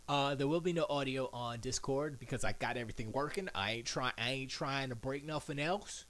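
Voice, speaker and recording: Casual male streamer, rambling, mutters to himself, swings loud to hushed, home studio. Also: medium pitch, normal speed. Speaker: live streamer.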